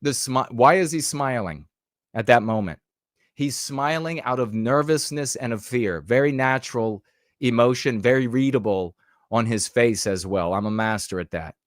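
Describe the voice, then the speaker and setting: A man at an average pitch talks over news clips in an emphatic, heated way, often pushing his points rhetorically. The recording is dry and close, with no room sound. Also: moderate pace, no room sound. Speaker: commentator. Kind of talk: podcast commentary over clips.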